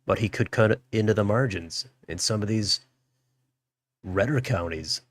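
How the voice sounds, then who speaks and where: A man's voice: fairly low pitch, unhurried. A man hosting a political livestream, musing aloud as he reads out election results. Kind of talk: live election results commentary.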